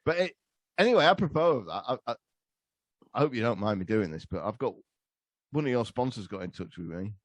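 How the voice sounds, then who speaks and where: A man's voice: lowish voice, animated, brisk, long pauses, no room sound. Crude rambling man. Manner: crude, rambling, laughing storyteller. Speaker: podcast guest. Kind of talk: casual crude podcast chat.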